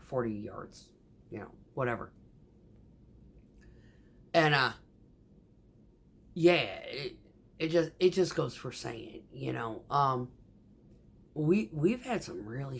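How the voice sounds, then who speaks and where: A woman who drives a concrete truck, telling a profane, animated story about her job in a casual vlog. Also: low voice.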